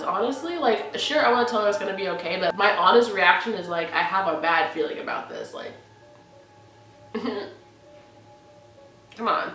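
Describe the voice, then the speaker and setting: Woman, casual reaction vlog, animated chatter, roomy echo, mic a little far off. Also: mid-range voice, moderate pace, pauses often. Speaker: YouTuber reacting to a story app. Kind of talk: casual reaction vlog, reading texts aloud. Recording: roomy sound from a distant mic with faint music.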